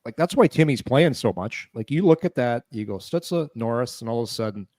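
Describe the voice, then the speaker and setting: A man on a hockey talk show panel, breaking down team lineups in quick back-and-forth talk. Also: medium pitch, animated, a little mellow, dry recording.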